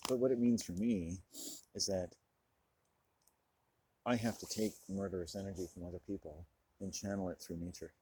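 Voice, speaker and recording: A man with a fairly low voice rants to his camera, preachy and heavy with swearing. He smokes and drinks as he talks. A faint hiss of noise sits behind him. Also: steady tone, normal speed, pauses often, warm tone, low-quality recording. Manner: profane, preaching rant. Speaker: vlogger. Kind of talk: monologue to camera.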